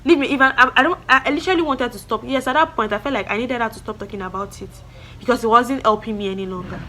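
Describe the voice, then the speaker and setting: A woman's voice: on the high side, fast, sharp tone. A young woman, talking earnestly to camera in a casual vlog and repeating her encouragements. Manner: earnest, motivational, repeats phrases. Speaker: vlogger.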